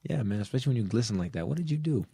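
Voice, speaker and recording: Comedian host, loud animated joking. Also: male voice, medium pitch, rapid-fire, vocal fry, breathy edge, no echo, clean studio sound. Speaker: podcast host. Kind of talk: casual comedic chat. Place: podcast studio.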